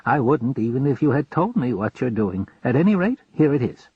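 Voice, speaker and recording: Casting: man playing friendly rambling farmer, husky, dull lo-fi sound. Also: medium pitch, sing-song, brisk, dry recording, exaggerated voice. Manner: chatty, earnest, rambling. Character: friendly old farmer, talkative. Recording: dull lo-fi recording.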